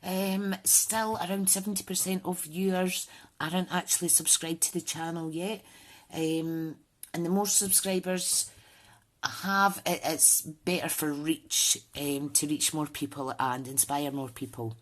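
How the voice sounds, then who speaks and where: A woman's voice: deep voice, fairly even intonation, unhurried. A woman hosting a casual crafting tutorial, chatting and thinking aloud with frequent ums. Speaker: papercraft channel host.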